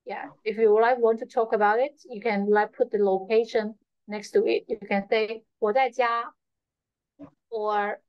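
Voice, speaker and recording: Slow, patient woman teaching Chinese. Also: on the high side, steady tone, no room sound. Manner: patient, repeats phrases, frequent fillers. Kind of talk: slow, repetitive online language lesson. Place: school. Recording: slightly dull, dry lo-fi sound.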